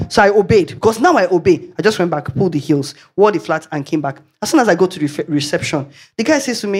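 A woman's voice: lowish voice, expressive, fast talker, few pauses, husky. A woman with a Nigerian accent preaching a sermon, telling chatty anecdotes and laughing along the way. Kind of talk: storytelling sermon.

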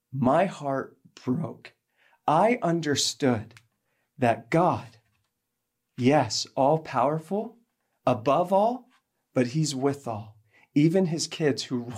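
A woman giving a sermon, telling a personal story with animated delivery and acting out the people in it. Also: low voice. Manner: animated, acts out quoted people, laughs while telling. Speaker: speaker giving a faith talk.

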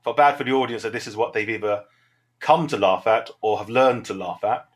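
A man's voice: on the low side, a little fast. A man with a Southern English accent, an improv teacher talking through his thoughts in a reflective, rambling interview answer.

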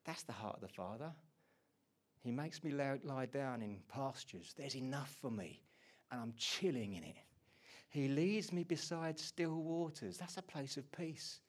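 Male pastor, sermon delivery, dynamic swings from soft to loud, mid-pitched voice. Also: unhurried.

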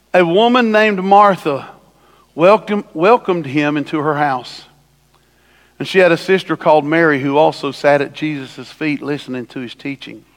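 A male pastor preaching a sermon, swinging from hushed asides to loud, lively emphasis. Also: a little high, vocal fry, in a large hall. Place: church sanctuary.

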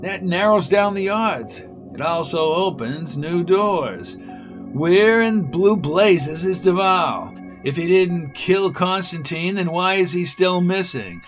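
A man's voice: high voice, expressive, slow pace, faint music behind, voice pushed up. A man voicing a reasoning woman investigator. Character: reasoning female assistant investigator.

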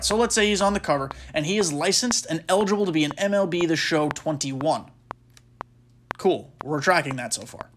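A man's voice: a little high, a bit bright, slight background noise. A man hosting a podcast, chatting casually and rambling through speculation while he plays a baseball video game, often stopping mid-thought with fillers. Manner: rambling, self-interrupting, with frequent fillers. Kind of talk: casual gaming commentary and speculation.

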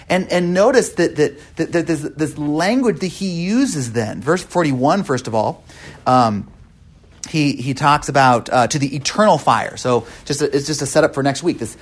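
A man with a slightly breathy voice leads a Bible study lesson. He often repeats words as he searches for the next phrase. He keeps turning to the group with questions. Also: on the high side.

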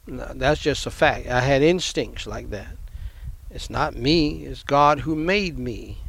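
A man's voice: mid-range voice, takes it slowly, creaky, fairly bright tone. An older man, a pastor, preaching a sermon in a conversational way, repeating phrases and adding asides.

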